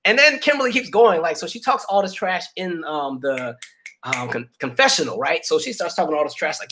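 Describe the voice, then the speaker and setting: A man in his thirties chatting with viewers on a livestream and telling stories in an animated, casual way. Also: sits high, fairly quick, vocal fry. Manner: animated storytelling, many fillers. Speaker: livestream host.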